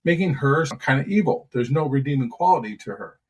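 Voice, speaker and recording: A man's voice: medium pitch, expressive, a little fast, lo-fi sound. A man co-hosting a movie podcast, thoughtfully explaining film trivia in casual chat. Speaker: podcast co-host.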